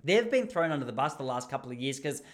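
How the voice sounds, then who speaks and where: A man's voice: mid-range voice, quick pace. A young Australian man hosting a podcast, telling rambling, jokey stories in casual chat. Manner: rambling, jokey, animated storytelling with laughs. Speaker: podcast host.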